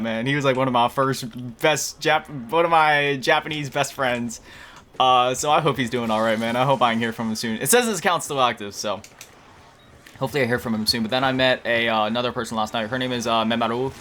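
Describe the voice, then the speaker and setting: A gaming YouTuber chats casually while playing a video game, his medium-pitched voice moving at a quick pace with a sharp tone. He rambles, pokes fun at himself, and often trails off while searching for words. Slight background noise sits behind him.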